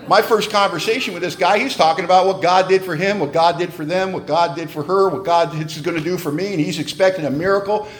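A man sharing his story at a recovery meeting, animated and joking in a wry way. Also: high-pitched, fast, few pauses.

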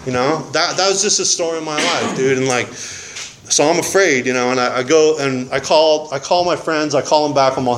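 A man's voice: on the high side, normal speed, fairly bright tone, slight background noise. A man telling his recovery story at a meeting in a casual, rambling, slangy way, often saying man and dude. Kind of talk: casual personal testimony.

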